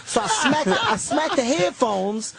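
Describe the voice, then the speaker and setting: High-voiced, excitable comedian telling a story. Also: male voice, measured pace, vocal fry, a loud crowd. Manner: animated, excitable storytelling with acted-out quotes. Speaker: guest comedian. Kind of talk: storytelling on a talk radio show. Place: radio studio. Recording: studio with loud laughter.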